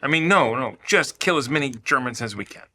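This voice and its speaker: A man's voice: mid-range voice, expressive, fairly quick, sharp tone. A man playing a tabletop game, hesitant and stammering at times. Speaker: player. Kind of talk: casual tabletop play.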